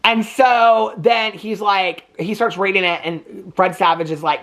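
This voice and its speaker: A man's voice: high voice, fairly even intonation, a little slow, few pauses, fairly bright tone. A man in his fifties giving a casual, rambling movie review, chatty and full of digressions. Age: 50s. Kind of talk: casual chat.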